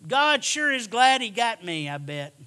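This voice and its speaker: A man preaching a sermon, emphatic and repetitive, swinging from hushed asides to shouted lines. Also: very high-pitched, big pitch swings, unhurried.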